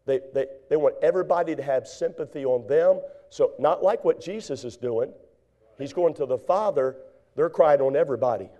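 A man preaching a sermon, acting out voices and swinging from loud, drawn-out scripture reading to hushed asides. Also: fairly high pitch, highs cut off. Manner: reads scripture in slow drawn-out tones.

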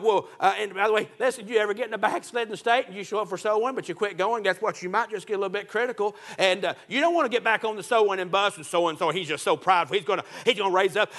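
A man's voice: sits high, pushed and bright. A man preaching a Baptist sermon, joking and emphatic, often breaking in with "uh" and "listen.".

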